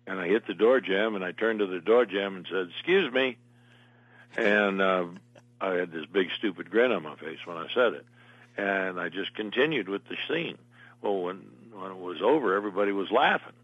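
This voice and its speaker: A man's voice: low-pitched, fairly quick, dry recording, highs cut off. An older man, an actor, telling long meandering stories as an interview guest. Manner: meandering anecdotal storyteller. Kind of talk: casual interview storytelling.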